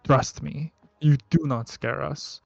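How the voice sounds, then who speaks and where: A man's voice: on the high side, fairly even intonation, slow pace, vocal fry, dry recording, dull audio, soft background music, exaggerated voice. A man voicing a defensive young male dealer standing his ground. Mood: defiant. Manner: defensive, defiant. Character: defiant young man dealing shady goods.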